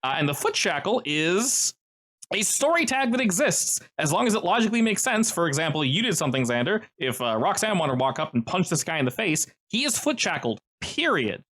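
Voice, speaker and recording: Male game master, lively delivery, chatty rule explanations. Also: sits high, brisk. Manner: lively, explanatory, many fillers. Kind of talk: running a tabletop game over voice chat.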